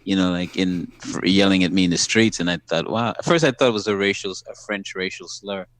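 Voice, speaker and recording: A man guest on a podcast, telling stories about his acting career in a calm, matter-of-fact way and laughing often. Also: low voice, a little fast, no room sound. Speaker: actor guest. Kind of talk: casual anecdote telling.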